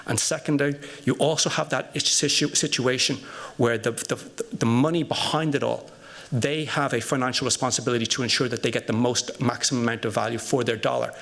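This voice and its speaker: A man speaking on a conference panel, with a gravelly edge to his voice. He talks in a storytelling way, building his point through anecdotes and rhetorical questions. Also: mid-range voice, fairly even intonation, brisk, fairly bright tone.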